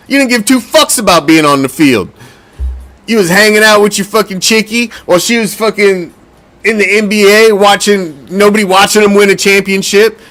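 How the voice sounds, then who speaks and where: A middle-aged man with a fairly high-pitched voice, hosting a fan sports show. He rants heatedly with constant swearing and restless restarts. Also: fairly bright tone. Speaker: fan podcast host. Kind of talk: profane sports rant.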